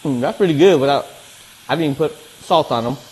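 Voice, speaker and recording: Laid-back slangy man, slightly high voice. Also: normal speed, a little mellow. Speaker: streamer. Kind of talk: casual chat while eating.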